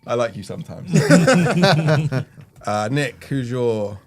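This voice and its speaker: A man's voice: medium pitch, big pitch swings, very slow, darkish tone. A man hosting a casual football chat on a live stream, reading out chat comments and laughing often. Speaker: livestream host.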